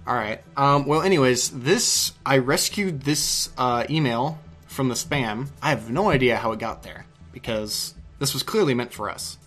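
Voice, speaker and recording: A man's voice: mid-range voice, moderate pace, few pauses, fairly bright tone. Easygoing laughing male podcast co-host. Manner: easygoing, laughs often, loose filler-heavy talk. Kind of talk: casual comedic chat. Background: faint music bed.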